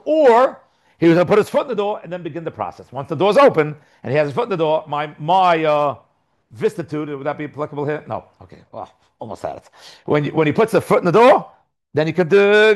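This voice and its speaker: Male Talmud teacher, slightly high voice, lively lecture that answers its own questions. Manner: lively explaining, asks and answers own questions, reads aloud.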